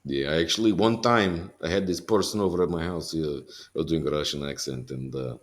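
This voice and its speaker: A man with a very low-pitched voice, talking casually as a guest on a podcast. He speaks in quick bursts, laughs often and restarts his sentences. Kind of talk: casual conversation.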